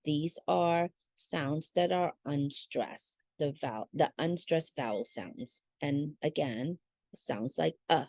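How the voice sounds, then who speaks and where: A woman's voice: low voice, slow pace, dark tone, no echo. A woman teacher giving a parent workshop in a chatty way, with fillers and check-ins. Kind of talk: casual instructional talk.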